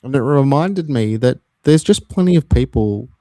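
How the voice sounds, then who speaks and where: A man hosting a podcast, telling anecdotes in an animated, casual way. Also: medium pitch, normal speed, no room sound. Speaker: podcast host.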